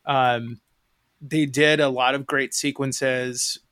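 A man's voice: medium pitch, flat delivery, slow, fairly bright tone, clean tone, no echo. Michigan man, podcast co-host, loose rambling delivery with casual swearing, dry close sound. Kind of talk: casual chat.

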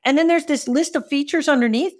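A woman's voice: high-pitched, fast talker. A woman telling a funny story in a casual talk, acting out the dialogue and swearing now and then, with an audience laughing along. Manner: animated, acts out dialogue in exaggerated voices; casual and profane, frequent "like". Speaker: marketing speaker.

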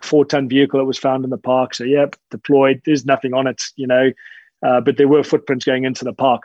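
A man, telling stories casually in an interview, relaxed and rambling with many fillers and restarts. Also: mid-range voice, no room sound. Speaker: interview guest, dog handler and tracker. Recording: slightly dull lo-fi sound.

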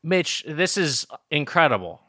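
A man's voice: a little high, very animated, unhurried, bright, forceful tone, dry recording, studio quality. A man co-hosting a casual food podcast, chatting and reading menu items aloud. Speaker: podcast co-host.

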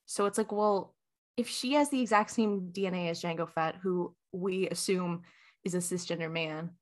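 A woman's voice: on the low side, normal speed. A woman co-hosting a podcast in casual fan chat, chatty and thinking aloud with many fillers. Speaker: podcast co-host.

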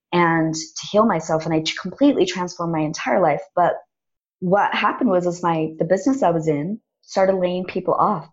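A woman guest on a conversational show, telling a personal story in an animated, dramatic way and acting out what people said. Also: lowish voice, muffled recording. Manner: animated, dramatic retelling with acted-out quotes. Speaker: podcast guest.

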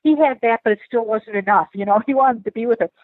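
A woman's voice: fairly high pitch, fast talker, breathy edge, dry recording. A woman guest speaking emotionally in a casual interview, often restarting her sentences and laughing easily. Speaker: guest author and storyteller. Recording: tinny phone-like remote call.

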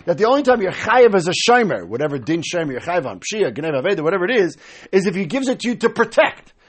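Male Talmud lecturer: high, lively voice with a husky edge, walks through each step and acts out the quoted lines. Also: fast talker. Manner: explains step by step, acting out quoted speakers. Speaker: Talmud teacher.

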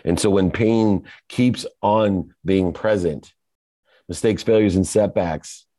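Middle-aged male motivational speaker, low warm voice, emphatic rhythmic delivery. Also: slow, dry recording. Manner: emphatic, rhythmic lists with sudden swells in pitch. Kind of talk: motivational monologue.

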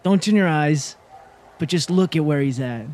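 A man's voice: fairly high pitch, moderate pace, darkish tone, slight background noise. A man playing a tabletop game in character, brash and bossy, with some swearing. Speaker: player.

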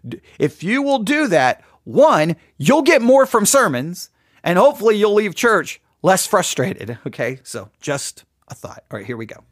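A man's voice: sits high, sing-song, measured pace, no echo, clean studio sound. A man giving casual commentary on a sermon clip, chatty and wry, often repeating his phrases.

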